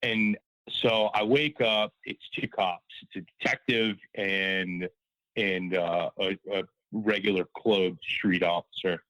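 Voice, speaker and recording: A man with a somewhat low voice tells a story over a call, rambling and stacking up "like" and quoted lines. The sound is dry, with little room around it. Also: fairly even intonation, slow, fairly bright tone, no echo, rough recording. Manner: rambling, full of fillers and quoted dialogue. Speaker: caller. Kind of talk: casual storytelling on a call-in show.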